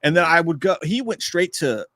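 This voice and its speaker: A man's voice: a little high, a little fast, dry recording. A man from Kentucky co-hosting a casual movie podcast, telling rambling, crude stories. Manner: rambling, crude, animated storytelling. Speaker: podcast co-host. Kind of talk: casual chat.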